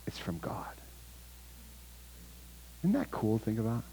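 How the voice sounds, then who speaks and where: A man preaching a sermon, talking casually with the congregation, asking them questions, with sudden loud bursts and quiet asides. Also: lowish voice, measured pace, breathy edge, low-quality recording. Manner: animated, with sudden loud outbursts and hushed asides; conversational, asks the congregation questions. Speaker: pastor.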